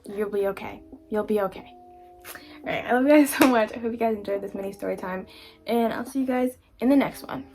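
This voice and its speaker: A woman's voice: mid-range voice, a little fast, a little mellow, faint music behind. A young woman vlogger telling a candid, chatty storytime, with lots of "like" and quoted asides. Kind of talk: casual storytime.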